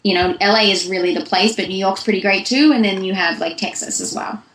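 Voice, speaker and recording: A woman's voice: mid-range voice, steady tone, brisk, fairly bright tone, roomy sound, poor audio. A young woman, a voice actress, giving chatty, long-winded answers in a casual interview. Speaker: voice actress guest.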